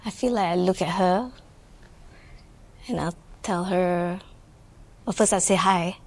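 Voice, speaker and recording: A woman entrepreneur with a Malaysian accent speaks earnestly as a guest in a reflective interview chat, mixing Malay fillers into her English and saying "you know" often. Her voice is on the low side, with a darkish tone and a measured pace.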